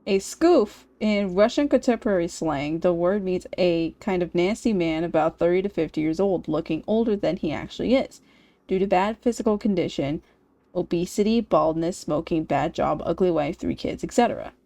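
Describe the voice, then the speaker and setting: A woman streaming a game, excitable and casual, swearing freely and laughing often. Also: fairly low pitch, moderate pace.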